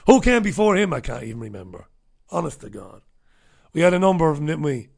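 The host of his own radio show and livestream goes through viewer comments casually, sounding sardonic, profane and rambling. He talks fast in a fairly high, gravelly voice with a darkish tone and big swings in pitch.

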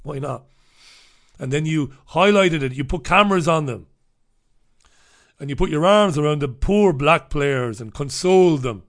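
An Irish man with a fairly high voice holds forth on talk radio. He rants in blunt, profane bursts, mocking the people he disagrees with in an opinionated monologue. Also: animated, normal speed. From Ireland. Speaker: radio talk show host.

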